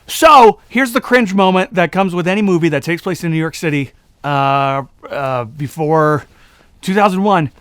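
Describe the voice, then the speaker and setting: A man reviewing a movie in a casual vlog, sarcastic and animated, laughing at his own jokes. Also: fairly high pitch, moderate pace, clear, resonant tone, dry recording.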